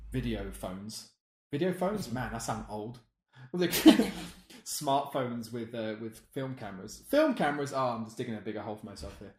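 A man's voice: fairly low pitch, reverberant. A man chatting casually on a podcast, rambling and self-deprecating. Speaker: podcast co-host. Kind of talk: casual chat.

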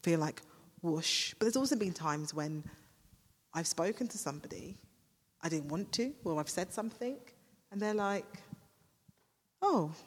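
In a relaxed podcast conversation on faith, a woman guest who leads a ministry speaks at normal speed in a lowish voice. She often cuts her sentences short while hunting for the right words, and perks up when amused; the room has long reverb.

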